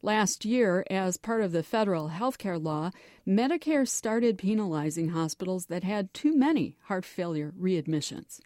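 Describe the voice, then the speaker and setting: A woman reporting a scripted radio news feature in a measured, explanatory way. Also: mid-range voice, lively intonation, a little mellow, dry recording, clean studio sound.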